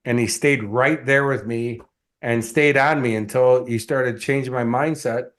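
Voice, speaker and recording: A man's voice: mid-range voice, measured pace. A middle-aged man speaking as a guest coach in an interview, with a mid-range voice. He tells anecdotes with energy and slips into the voices of the people he quotes. His talk is loose, with fillers and restarts. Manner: animated storyteller acting out quotes. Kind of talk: conversational storytelling interview.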